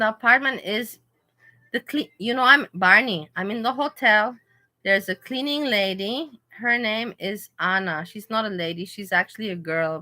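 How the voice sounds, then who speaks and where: Bright-voiced woman chatting on a livestream. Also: medium pitch, low-quality recording. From Europe. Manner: animated, talks back to chat commenters. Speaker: livestream host reading chat. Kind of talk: casual livestream chat. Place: hotel room.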